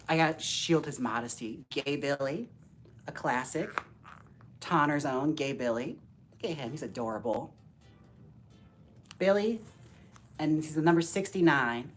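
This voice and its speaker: A man hosting a casual live stream while styling dolls, talking to viewers by name in a campy, sassy way with quick jokes and frequent laughs. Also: fairly high pitch. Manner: talks to viewers by name, reads chat aloud.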